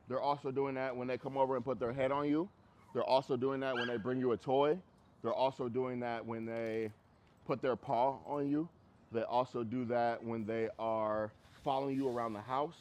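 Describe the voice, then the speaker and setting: A man teaching a group dog training class, talking bluntly and casually and repeating phrases for emphasis. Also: mid-range voice. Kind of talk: group class instruction outdoors.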